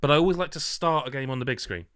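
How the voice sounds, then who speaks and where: A man's voice: mid-range voice, expressive, very fast, fairly bright tone, no echo, studio quality. A British man hosting a podcast in casual chat, with an articulate radio-host voice and a rambling, self-deprecating manner.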